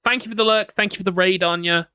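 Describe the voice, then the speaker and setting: A man's voice: high voice, steady tone, quick pace, pushed and bright, smooth, no echo, studio quality. An English man streaming a horror game, chatting casually and rambling, teasing himself as he reads his chat. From England. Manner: rambling, self-mocking, talks to himself.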